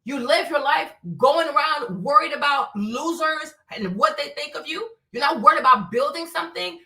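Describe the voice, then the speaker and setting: A woman from Africa rants on her livestream, opinionated, blunt, and profane, with rhetorical questions throughout. She speaks at a moderate pace in a high, sharp voice with lively intonation. The recording picks up room echo from a mic set at a distance.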